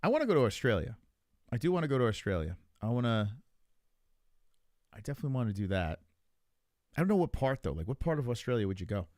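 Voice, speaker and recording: A man's voice: mid-range voice, big pitch swings, fast, pauses often, a little mellow, no echo. Guy streamer rambling at his chat, crude and loose, voice jumps around a lot, dry sound. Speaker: streamer host. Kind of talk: casual live-stream chat reacting to videos.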